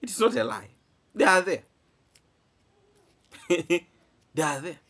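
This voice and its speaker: Male vlogger, emphatic and repetitive, voice swinging up and down in pitch. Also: very animated, takes it slowly, a bit bright. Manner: emphatic, repeats phrases, asks rhetorical questions. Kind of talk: animated commentary to camera.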